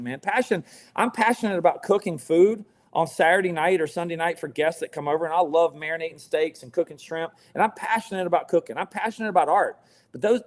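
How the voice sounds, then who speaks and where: Blunt, cursing man with a higher voice. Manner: blunt, emphatic, swears freely. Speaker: guest, window tint business owner. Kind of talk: casual podcast interview.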